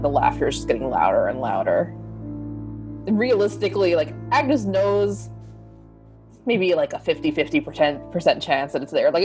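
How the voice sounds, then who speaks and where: A woman's voice: low-pitched, a little mellow. A woman playing a tabletop game, describing what her character feels in a loose, chatty way full of filler words. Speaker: player.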